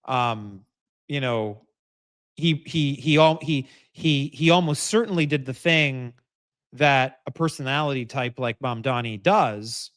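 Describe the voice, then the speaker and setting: A man's voice: mid-range voice, unhurried, fairly bright tone, no room sound, clean studio sound. Rambling male live-stream commentator. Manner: rambling, many restarts and fillers, emphatic repeats. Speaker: host.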